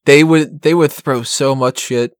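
A man's voice: medium pitch, steady tone, unhurried, no echo, studio quality. A man in casual wrestling podcast chat, rambling and profane, laughing often.

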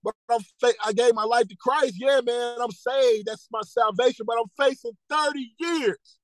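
A man's voice: very high voice, normal speed, dry recording, low-quality recording. A man, a podcast guest telling his life story earnestly, repeating key phrases and acting out the dialogue. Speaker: podcast guest, motivational speaker. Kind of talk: personal testimony in casual interview.

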